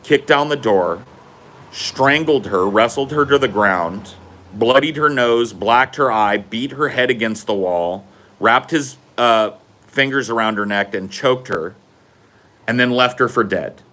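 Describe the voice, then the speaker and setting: A man hosts a casual solo podcast outdoors, smoking before he goes in, and talks bluntly and sardonically with lots of swearing. His mid-range voice is fairly bright in tone and unhurried.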